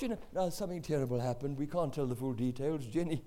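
An older man with a South African accent, telling a family story in a lively, animated way with asides. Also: on the high side, quick pace, few pauses, a little hiss or hum. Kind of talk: personal anecdote.

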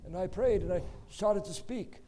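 A man's voice: high-pitched, moderate pace, noisy background. A male preacher telling a personal testimony in an emphatic, dramatic storytelling style. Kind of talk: sermon testimony.

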